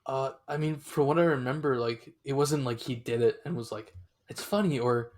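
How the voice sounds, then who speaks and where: A man's voice: medium pitch, fairly even intonation, normal speed, darkish tone. A young man co-hosting a podcast in casual chat, rambling with lots of fillers and restarts. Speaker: podcast co-host.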